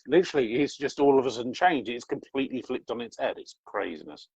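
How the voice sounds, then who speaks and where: A man's voice: mid-range voice, huge pitch swings, fast, gravelly, darkish tone, breathy edge, no echo. Enthusiastic rambling man. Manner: enthusiastic, rambling, self-correcting. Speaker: scriptwriter. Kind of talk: casual chat. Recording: dry, slightly dull lo-fi audio.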